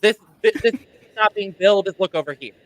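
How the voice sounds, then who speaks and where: A man's voice: high-pitched, fast. A man co-hosting a podcast, teasing and exasperated in casual banter. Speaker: podcast co-host.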